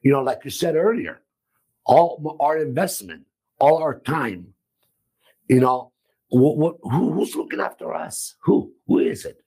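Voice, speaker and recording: A man from Italy, a restaurant owner, talking emphatically and loudly, repeating himself in an animated interview. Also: on the high side, unhurried, gravelly, breathy edge. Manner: emphatic, repetitive, loud and expressive.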